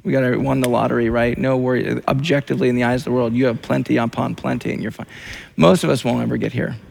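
A man's voice: mid-range voice, little pitch movement, fast, creaky, a little mellow. A man preaching a sermon as pastor, in a repetitive, emphatic way with many restarts.

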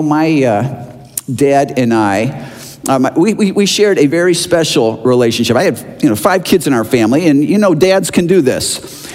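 Middle-aged male pastor, higher-pitched voice, chatty storytelling sermon, long hall reverb. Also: a little mellow. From Chicago, USA. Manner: conversational storytelling with fillers.

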